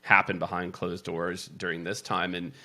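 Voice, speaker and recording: A man's voice: low-pitched, monotone, moderate pace, sharp tone. A man hosting a podcast, asking long, rambling questions with many restarts. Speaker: podcast host. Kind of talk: conversational interview.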